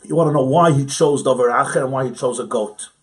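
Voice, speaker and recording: A man's voice: mid-range voice, quick pace. Man giving a chatty Talmud class. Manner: conversational, asks rhetorical questions, chuckles often. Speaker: rabbi teaching a Talmud class. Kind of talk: informal study-hall lecture. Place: study hall.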